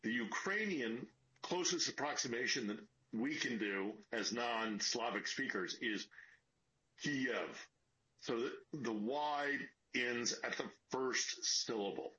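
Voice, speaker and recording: A man's voice: mid-range voice, expressive, unhurried, bright, forceful tone. A man, a war correspondent, speaking by phone in an earnest, explanatory way, tired from lack of sleep. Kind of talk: phone interview. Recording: dull lo-fi phone line.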